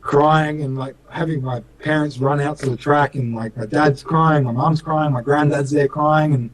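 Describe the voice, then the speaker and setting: A man's voice: a little high, fairly even intonation, normal speed, crowd noise, rough recording. A young man with an Australian accent, telling racing stories in a casual interview in an earnest, rambling way, full of fillers. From Western Australia. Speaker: racing driver guest.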